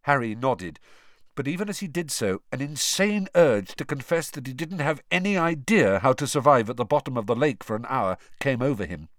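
Expressive male audiobook narrator, lively pitch, dry close recording. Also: moderate pace, no echo. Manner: expressive storytelling. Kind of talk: scripted narration.

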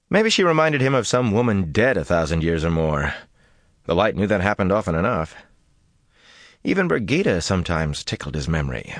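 A man narrating a fantasy audiobook with expressive, dramatic delivery. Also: deep voice, no echo, studio quality.

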